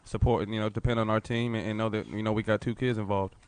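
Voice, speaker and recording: A man's voice: lowish voice, fairly even intonation, fast talker, smooth, dry recording. A man guesting on a talk radio show, talking in a laid-back way about his life. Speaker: guest, basketball player. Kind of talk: casual interview talk.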